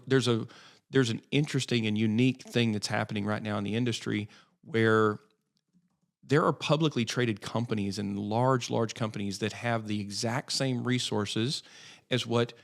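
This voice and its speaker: A man's voice: medium pitch, moderate pace, vocal fry. A man in his thirties, a business development head talking energetically as a podcast guest. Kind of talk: podcast interview.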